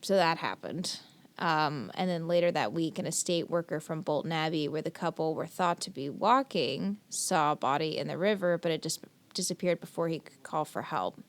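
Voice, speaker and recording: A woman's voice: low voice, moderate pace. A young woman co-hosting a podcast, retelling a story in casual chat with lots of fillers and swearing. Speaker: podcast co-host.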